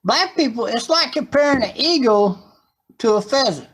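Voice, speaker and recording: Husky-voiced man making confident claims. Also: extremely high pitch, expressive, moderate pace, a bit bright. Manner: states odd claims with total confidence. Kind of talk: casual podcast banter.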